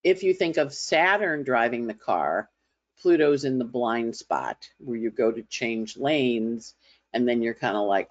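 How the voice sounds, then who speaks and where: A woman's voice: very deep voice, a little slow. A woman astrologer giving a casual weekly forecast, talking in a chatty, conversational way and slipping into playful voices as she imitates others. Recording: slightly dull lo-fi audio.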